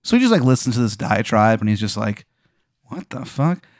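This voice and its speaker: A man's voice: lowish voice, big pitch swings, quick pace, darkish tone, no echo, studio quality. A man leading an improvised comedy scene with casual, rambling narration full of "like".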